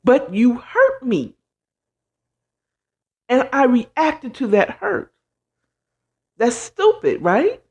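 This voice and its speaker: A woman hosting a casual advice talk, animated and blunt, acting out quoted voices and sprinkling in "child" and "you know what I'm saying.". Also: high voice, very slow, long pauses, husky, muffled recording. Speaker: host.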